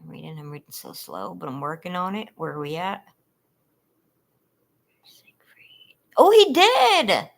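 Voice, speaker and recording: A woman's voice: mid-range voice, fairly bright tone. A woman from California hosting a casual trivia livestream, chatty and giggling often as she reads questions and talks to viewers.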